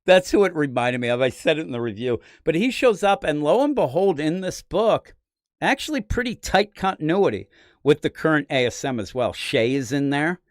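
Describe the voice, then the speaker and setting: A man hosting a podcast, talking casually about comics in an animated, rambling way with frequent laughs. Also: on the high side, normal speed, no room sound, clean studio sound. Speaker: podcast host. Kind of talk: casual comic book chat.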